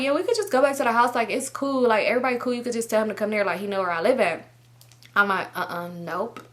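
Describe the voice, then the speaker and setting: A young woman vlogger casually telling a story, swearing freely and jumping into high-pitched voices when she quotes people. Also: fairly bright tone.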